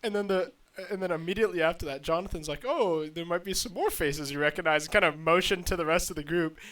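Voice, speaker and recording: A man's voice: a little high, fast, fairly bright tone, far from the mic. A man hosting a casual podcast chat, telling stories with lots of fillers and laughs.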